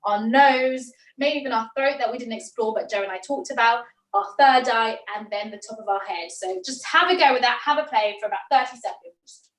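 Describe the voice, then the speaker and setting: A woman, a theatre director leading an online acting workshop, talking in a lively, demonstrative way. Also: on the high side, fairly quick. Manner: lively, demonstrative, laughs often. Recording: echoey room, mic at a distance.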